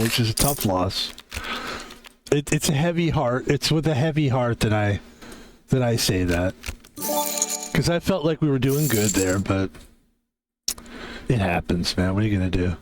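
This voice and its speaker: Over a rough recording, a medium-pitched man chats through a card game stream. He rambles, jokes around and swears liberally in this casual gameplay commentary.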